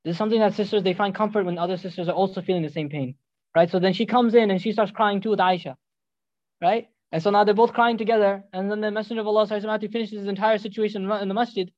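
Fast high-voiced man telling a sermon story. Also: no room sound, dull audio. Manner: animated retelling with joking asides to the audience. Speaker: preacher.

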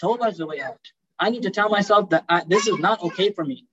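A man's voice: high-pitched, quick pace, a bit bright, breathy edge, dull audio. A man giving a sermon as a Muslim preacher, speaking conversationally and addressing the audience as brother.

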